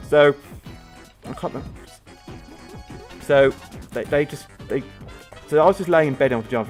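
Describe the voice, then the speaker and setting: A man's voice: on the high side, brisk, long pauses, soft background music. A young man, chatting in rambling casual let's-play commentary while he plays. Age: young adult. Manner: rambling chatty storytelling, many fillers. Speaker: gaming video host.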